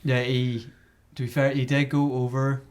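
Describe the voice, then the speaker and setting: A man chatting casually at home, relaxed and hesitant with frequent fillers. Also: mid-range voice, moderate pace. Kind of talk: casual chat. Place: a home flat.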